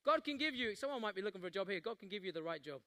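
Man, pastor, passionate sermon, high voice, bright tone, dramatic storytelling. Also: sing-song, rapid-fire. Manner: passionate preaching, acting out Bible scenes with rising intensity.

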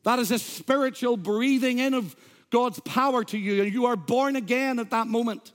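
A man with a notably high voice preaches a sermon from the pulpit. He delivers it emphatically, quoting scripture and throwing in humor for the congregation. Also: moderate pace. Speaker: pastor. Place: church.

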